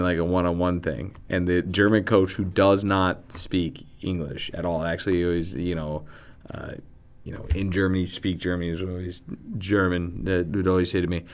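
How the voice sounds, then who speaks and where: A man who used to play soccer, co-hosting a casual talk show and telling stories in an animated way. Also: deep voice, clear, resonant tone. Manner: animated storyteller, laughs through stories. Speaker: co-host and former player. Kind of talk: casual sports chat.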